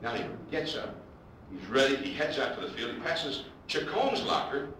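A man tells baseball anecdotes to a live audience, and his pitch rises and falls a lot. He is picked up from a distance in a very echoey hall. A steady hiss and the audience's laughter sit behind him. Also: moderate pace. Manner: animated anecdotes, acting out quotes. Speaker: baseball broadcaster. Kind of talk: storytelling speech to an audience.

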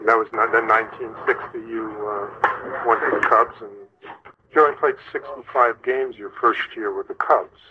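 A man's voice: medium pitch, steady tone, normal speed. A man interviewing a former ballplayer, asking brief questions. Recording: dull lo-fi recording with faint noise.

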